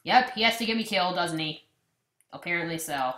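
A woman giving casual gameplay commentary, swinging between loud outbursts and muttered asides. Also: on the low side, expressive, a little fast, reverberant. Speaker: gamer commentator.

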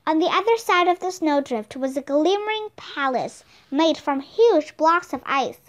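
A woman narrates a children's story with animated expression. Her voice sits high and moves a great deal in pitch. The delivery is clear storytelling. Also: moderate pace. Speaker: reader. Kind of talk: audiobook narration.

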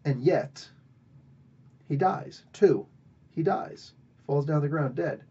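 A man's voice: on the high side, slow pace, pauses often, warm tone, slightly rough, muffled recording. A man hosting a podcast, recapping a story in a rambling, playful way with self-corrections.

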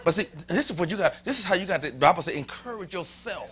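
A male pastor with a Southern US accent preaching an animated sermon in a church, leading his congregation in call and response and dropping to a whisper at times. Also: sits high, fast talker, a crowd in the background. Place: church sanctuary.

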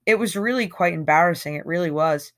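A woman's voice: fairly low pitch, fairly quick. A woman reading a novel aloud in a casual, conversational way, with an occasional slip. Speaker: audiobook reader.

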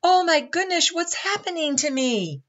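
A woman voicing a boastful, grumpy young male baobab tree in a children's storybook reading, whining and complaining loudly. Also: extremely high pitch, very animated, moderate pace, dull audio, pitched above the performer's own voice, exaggerated voice. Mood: panicked. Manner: whiny, loud complaining.

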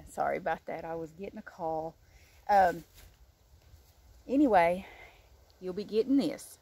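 Chatty woman, low voice. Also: a little slow, long pauses, husky. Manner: chatty, rambling, warm-hearted with many fillers. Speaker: crochet channel host. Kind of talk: casual book review chat. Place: outdoors.

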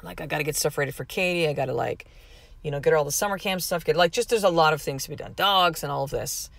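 A woman's voice: low-pitched, fast talker, gravelly, no echo. A woman hosting her own podcast, telling a family story in a candid, chatty way with many fillers. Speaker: podcast host and mother. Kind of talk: casual podcast monologue.

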